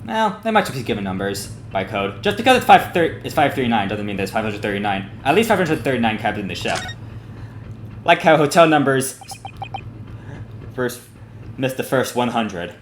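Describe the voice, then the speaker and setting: A man's voice: medium pitch, normal speed. Chatty man narrating a game. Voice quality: chatty, musing. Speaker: let's play host. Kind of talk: casual game commentary. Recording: roomy echo with steady noise.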